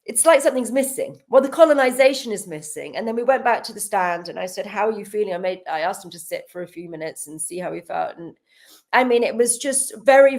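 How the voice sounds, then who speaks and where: A woman, a healer guest on a podcast, telling stories in casual chat with frequent laughs and acted-out dialogue. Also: mid-range voice. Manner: animated, laughs often, acts out quoted dialogue.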